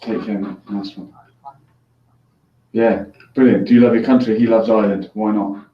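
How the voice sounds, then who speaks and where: A man's voice: on the low side, fairly even intonation, moderate pace. Joking man hosting a call-in show, echoey. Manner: chatty and joking, laughs easily. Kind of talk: casual call-in chat. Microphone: headphones on, mic at a distance. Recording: echoey room, distant dull lo-fi mic.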